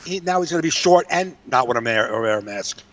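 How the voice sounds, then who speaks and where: A man's voice: medium pitch, expressive, fast, fairly bright tone. A man co-hosting a casual comedy podcast, ranting in a profane and exasperated way. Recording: distant, dull lo-fi mic.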